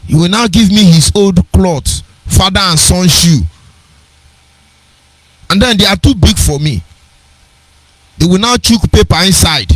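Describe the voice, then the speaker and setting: A man's voice: high-pitched, lively intonation, measured pace, long pauses, dry recording, rough recording. A middle-aged man with a Nigerian accent, giving an earnest personal storytelling talk on a radio program, digressive and with sing-song emphasis.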